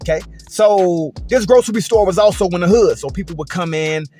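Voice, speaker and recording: High-pitched guy ranting about work, lots of "et cetera" and "okay?", soft music underneath. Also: brisk. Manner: emphatic, repetitive, conversational with frequent "et cetera" and "okay?". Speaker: commentator. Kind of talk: casual storytelling rant.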